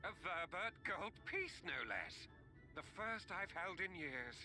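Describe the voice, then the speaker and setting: A man with a British accent playing a polite, formal guide in a video game, speaking in a measured way. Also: sits high, big pitch swings, bright, forceful tone, soft background music, full character voice.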